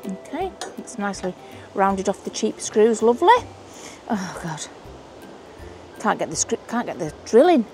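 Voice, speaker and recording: Working in a windy outdoor allotment garden, a Northern English woman from England talks casually to camera for her vlog, with music in the background. She speaks at a measured pace in a sing-song, medium-pitched voice, musing aloud and laughing at herself.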